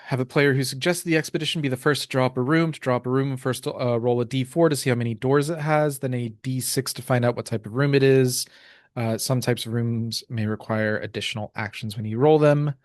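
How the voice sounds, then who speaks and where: A man reading game rules aloud and describing scenes in a relaxed way, with many fillers. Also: mid-range voice, a little fast, no room sound, clean studio sound. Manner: relaxed, full of ums and uhs. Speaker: tabletop game player.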